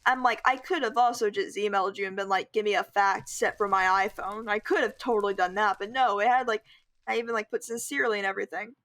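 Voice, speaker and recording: A woman's voice: medium pitch, fairly even intonation, quick pace, a bit bright. A teenage girl telling a storytime anecdote over gameplay footage, full of "like" and "I'm like". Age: teens. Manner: chatty, lots of "like" and "I'm like". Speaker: gaming vlogger.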